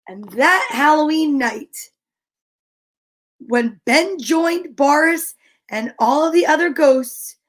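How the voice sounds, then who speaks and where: A woman reading a children's picture book aloud, gentle, with whispered asides. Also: high voice, animated, slow pace. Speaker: storyteller.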